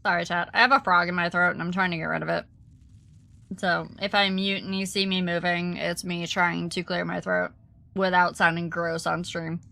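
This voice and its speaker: A woman's voice: fairly low pitch, flat delivery, moderate pace, creaky, bright, forceful tone. A young adult woman streamer chatting casually with viewers while playing, greeting them by name and reacting to the game. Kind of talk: casual live-stream chat over gameplay.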